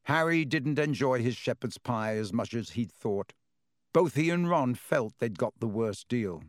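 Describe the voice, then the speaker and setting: A man's voice: medium pitch, no echo. Man reading a storybook, dry and close. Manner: even, measured reading. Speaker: audiobook narrator. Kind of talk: scripted storybook narration.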